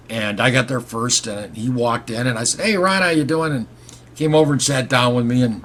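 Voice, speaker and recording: Husky middle-aged man telling a story. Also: medium pitch, sharp tone. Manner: rambling, wry and conversational, acts out quoted dialogue. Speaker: vlogger. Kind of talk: casual storytelling to camera.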